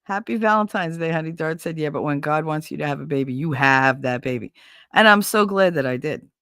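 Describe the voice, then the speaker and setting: Telling viewers a story on her casual livestream, this middle-aged host laughs, swears and acts out quotes. Her voice is deep, fairly bright and smooth, and she speaks briskly. The recording is dry and studio quality.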